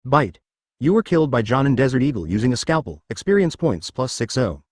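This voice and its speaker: A man's voice: mid-range voice, very animated, brisk, darkish tone, no echo, clean studio sound. A man narrating a translated ninja fan-fiction story in a scripted, synthetic-sounding read.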